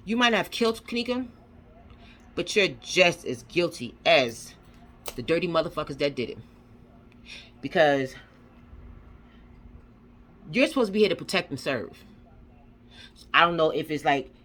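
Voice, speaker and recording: A woman's voice: on the low side, fairly bright tone. A woman vlogger ranting angrily, swearing and firing off rhetorical questions with lots of repetition. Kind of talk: angry commentary rant.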